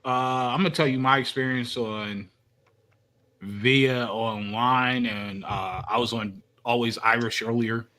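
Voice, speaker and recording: A young man co-hosting a casual sports podcast. He talks in a brash, emphatic way, trash-talking rival fans. His voice sits at an ordinary mid pitch. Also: fairly even intonation, a little slow, sharp tone. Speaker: podcast co-host.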